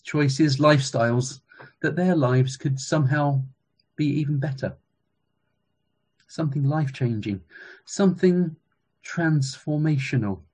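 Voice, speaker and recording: A man, a former school chaplain, preaching a sermon in a measured, reflective storytelling manner. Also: a little high, a little mellow, slightly rough.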